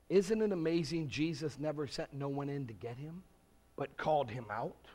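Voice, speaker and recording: A man preaching a revival sermon, acting out the story's voices and building up to loud shouts. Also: on the high side, moderate pace.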